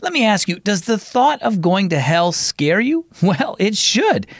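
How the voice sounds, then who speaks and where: A man's voice: sits high, big pitch swings, a little slow, dry recording. A man hosting and narrating a children's devotional story program in an upbeat, friendly way, recorded on a close studio mic. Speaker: host and narrator.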